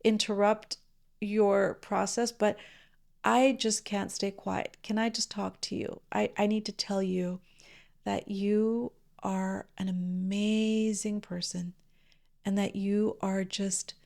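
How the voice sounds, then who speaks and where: Earnest man, hesitant and soft, with a slightly gravelly voice, as a woman plays him. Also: mid-range voice, level tone, takes it slowly. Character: earnest man moved by a stranger's kindness.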